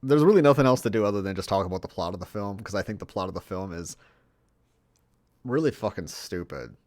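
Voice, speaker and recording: A man's voice: sits low, expressive, quick pace, darkish tone, no echo, studio quality. A man giving a rambling, profane, sarcastic film review, now and then mocking the characters in put-on voices. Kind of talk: casual profane movie review.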